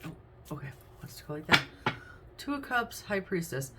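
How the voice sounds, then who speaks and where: A woman's voice: on the low side, big pitch swings, normal speed. A woman giving a casual tarot reading at home, chatty, with frequent "um"s and "okay?"s. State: hiccups. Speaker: tarot reader. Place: home room with window open. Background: faint noise from outside.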